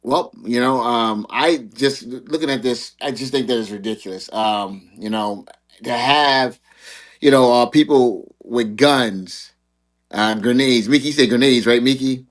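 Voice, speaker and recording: A man's voice: mid-range voice, unhurried. A man hosting a casual online panel discussion, rambling, repeating words and laughing at himself. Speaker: show host.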